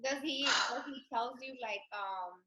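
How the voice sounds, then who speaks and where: A woman's voice: on the high side, unhurried, bright, forceful tone, slight background noise. A woman co-host interviewing a guest over a video call, asking hesitant questions full of fillers. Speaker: podcast co-host.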